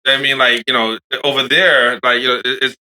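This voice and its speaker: An American man co-hosting a casual podcast, halting and stammering as he searches for words. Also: medium pitch, fairly even intonation, pushed and bright, slight background noise, poor audio. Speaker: podcast co-host. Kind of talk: casual chat.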